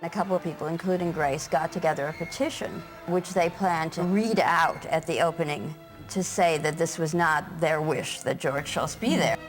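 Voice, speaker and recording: A woman's voice: low-pitched, moderate pace, soft background music, low-quality recording. A woman writer in a documentary interview, recounting events in a matter-of-fact, wry way.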